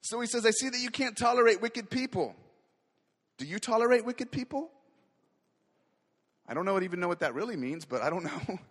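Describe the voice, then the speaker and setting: Fervent high-voiced male preacher in a hall. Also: expressive, fairly quick, long pauses, breathy edge. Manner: fervent, swings between quiet and loud. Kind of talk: sermon.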